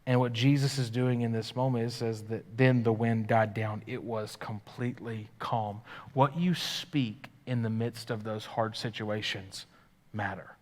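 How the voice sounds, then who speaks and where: A man preaching a live sermon as pastor. His delivery swings from loud, excited stretches down to hushed, quiet ones. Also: medium pitch, measured pace. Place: church sanctuary. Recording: live church hall with long reverb.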